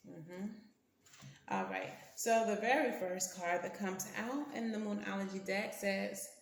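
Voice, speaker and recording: A woman's voice: mid-range voice, lively intonation, measured pace, gravelly, slight background noise. A woman giving a casual tarot reading, blunt and slangy, cursing freely and talking to her cards. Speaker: tarot reader. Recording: roomy echo.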